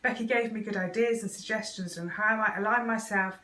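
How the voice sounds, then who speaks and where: A woman's voice: mid-range voice, steady tone, brisk, pushed and bright, echoey room, far from the mic. A woman talking straight to camera as an intuitive coach, chatty and earnest, with little laughs and fillers. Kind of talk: casual direct-to-camera talk.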